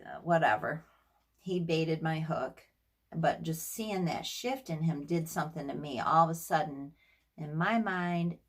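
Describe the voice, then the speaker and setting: Middle-aged woman, lowish voice, chatty storytelling, acts out quotes, laughs here and there. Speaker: therapist sharing a personal story. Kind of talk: casual storytelling to camera.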